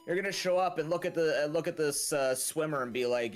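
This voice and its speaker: A man's voice: a little high, quick pace, faint music behind. A man co-commentating a speedrun, playfully retelling the game's story and acting out its dialogue. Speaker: co-host commentator. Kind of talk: casual game commentary.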